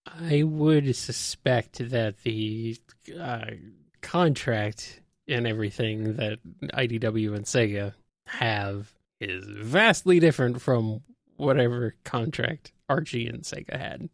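A podcast host reads listener questions and laughs often as he talks. He speaks slowly, and his voice sits close and dry on the mic. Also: mid-range voice, dry recording. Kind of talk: casual podcast Q&A.

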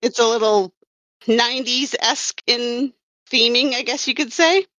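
A woman's voice: on the high side, normal speed, bright, forceful tone, no echo. A woman who worked as a comics writer and colorist, chatting casually on a podcast and rambling with wry self-corrections.

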